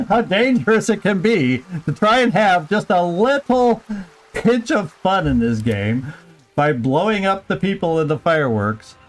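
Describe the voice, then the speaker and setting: Playful, lively male game streamer. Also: sits high, unhurried. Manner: playful, thinking aloud, goofy asides. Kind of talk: casual live gameplay commentary.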